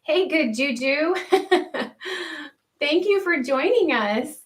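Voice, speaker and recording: A woman's voice: sits high, expressive, slow pace. A woman hosting a homestead livestream, chatting earnestly and reading viewer comments aloud, laughing easily.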